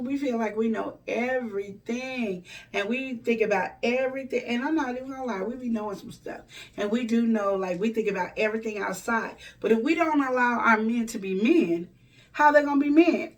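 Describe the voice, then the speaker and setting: A woman's voice: medium pitch, distant mic. A woman hosting a relationship advice show, talking in a folksy, preachy way and acting out the quoted lines. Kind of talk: casual advice monologue.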